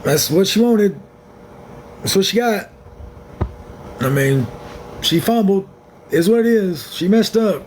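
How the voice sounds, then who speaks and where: A man's voice: high-pitched, animated, slow, pauses often, darkish tone, a little hiss or hum. A man hosting his own livestream, talking in a blunt, frank and rambling way to viewers on a phone. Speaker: livestream host. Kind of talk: casual livestream chat.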